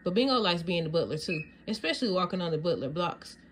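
A woman reading a children's storybook aloud in an amused, lively way. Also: fairly low pitch, quick pace, a little hiss or hum. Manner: amused, laughs often. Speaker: storybook reader.

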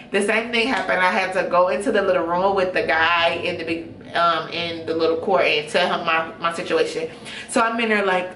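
A young woman telling a story casually, chatty and animated with lots of fillers. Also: on the low side, far from the mic, a little hiss or hum. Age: young adult. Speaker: vlogger. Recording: roomy room, off-mic.

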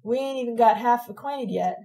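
A woman's voice: fairly high pitch, a little fast, mellow, pitched above the performer's own voice, lightly acted. A woman voicing a brash, touchy young male gang leader who talks in swaggering street slang. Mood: taunting.

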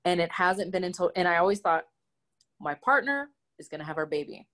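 A woman speaking as an interview guest in a casual conversation, candid and expressive as she tells personal stories. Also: on the low side, a little fast. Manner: candid and expressive, animated storytelling.

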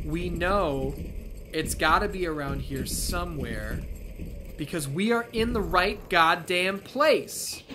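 A man giving profane, excitable let's play commentary, talking back to the game as he plays. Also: on the high side. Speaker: gamer. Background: video game music and sounds.

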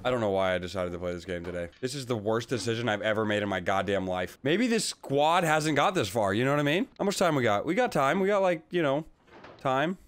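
A young man and gaming YouTuber reacting live as he plays, loud and excitable, swearing constantly and breaking into frustrated outbursts. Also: medium pitch, brisk. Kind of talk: live reactions while playing a game.

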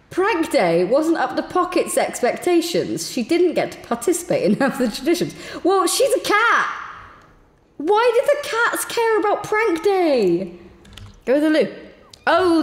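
A woman giving excitable, giggly commentary while playing a game on stream, talking to herself. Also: medium pitch, in a large hall. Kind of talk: gameplay commentary.

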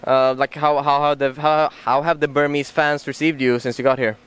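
Male reporter, monotone, very clear voice, rambling stumbling questions. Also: fairly high pitch, normal speed. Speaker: interviewer, reporter. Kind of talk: interview questions.

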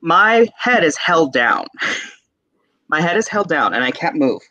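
Animated man telling a story. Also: fairly high pitch, measured pace, dry recording, poor audio. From San Diego, California. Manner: animated storyteller, acts out voices, laughs often. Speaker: guest, tarot reader. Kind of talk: casual storytelling interview.

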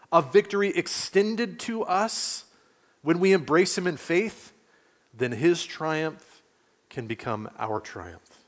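A male pastor, giving a conversational sermon in a church and asking his listeners questions. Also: fairly high pitch. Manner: conversational preaching, asks the congregation questions. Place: church sanctuary.

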